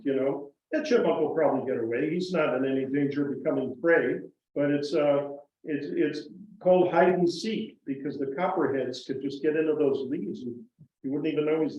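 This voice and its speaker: Man, folksy animated storyteller, fairly high voice, very echoey hall, distant muffled mic. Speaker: guest woodcarver speaker. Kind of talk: storytelling talk to a live audience. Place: museum presentation room.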